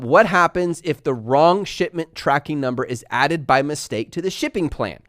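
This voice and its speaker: A young man hosting a live stream, chatting fast and laughing as he answers viewer questions. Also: mid-range voice, a bit bright, dry recording, clean studio sound. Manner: fast-talking. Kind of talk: live Q&A chat.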